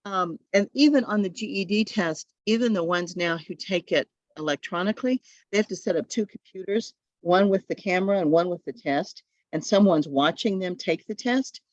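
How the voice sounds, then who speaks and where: A woman leading a tutor training session over a video call, giving advice in a chatty way with quick asides. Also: lowish voice, no echo, highs cut off.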